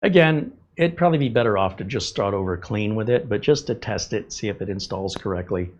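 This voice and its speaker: A man's voice: fairly low pitch, a little fast, lo-fi sound, a little hiss or hum. A man hosting a live tech stream, answering viewer chat in a blunt, sarcastic way. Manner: blunt, sarcastic, lively asides. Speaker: tech show host.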